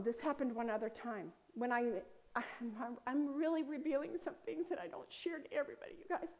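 A woman with a fairly high voice tells a personal spiritual testimony in an earnest, rambling way. She restarts her sentences often and sometimes sinks into a soft, hushed near-whisper. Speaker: speaker sharing a faith testimony.

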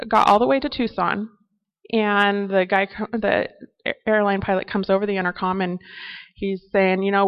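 A woman sharing a personal testimony, telling an animated travel story that turns into a reflection on faith. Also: mid-range voice, lo-fi sound.

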